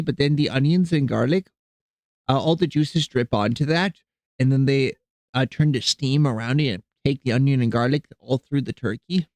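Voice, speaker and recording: A man's voice: medium pitch, no room sound. A man streaming live, rambling casually to his viewers about cooking, with frequent fillers and restarts. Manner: rambling, easygoing, chatting with viewers while cooking; softens and coos when talking to his cats.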